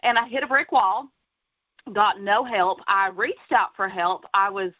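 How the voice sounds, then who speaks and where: A woman's voice: medium pitch, unhurried, dry recording. A woman, telling her personal story as a guest on a call in an earnest way. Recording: dull lo-fi call audio.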